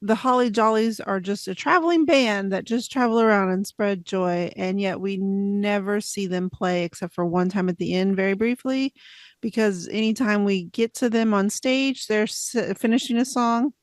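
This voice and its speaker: A woman chatting as a podcast guest about a movie, animated and quick to act out what characters say. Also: mid-range voice, no room sound. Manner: animated, acts out characters' lines mid-story. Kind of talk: casual movie review chat.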